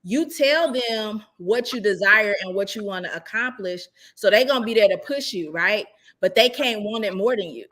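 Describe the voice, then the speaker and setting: A woman's voice: mid-range voice, animated, normal speed, a bit bright. A woman speaking as a real estate investor, giving casual, emphatic advice and often checking in with rhetorical questions.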